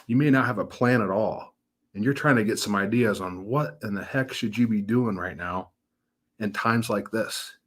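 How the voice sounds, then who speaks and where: A man's voice: lowish voice, normal speed, a bit bright. A man in his thirties, a financial advisor, hosting a casual webinar in a folksy, upbeat way, telling stories and acting out the voices in them. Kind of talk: casual webinar presentation with storytelling.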